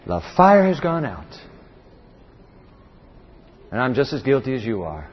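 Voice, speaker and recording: Middle-aged preacher in a reverberant hall. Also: male voice, mid-range voice, huge pitch swings, measured pace, long pauses, husky. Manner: impassioned preaching, with frequent word repeats and restarts. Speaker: pastor. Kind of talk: sermon. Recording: reverberant, dull lo-fi sound.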